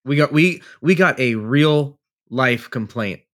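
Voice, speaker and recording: A man's voice: mid-range voice, lively intonation, takes it slowly, a bit bright. A man co-hosting a casual podcast, a flight instructor who laughs easily and talks loosely with some swearing.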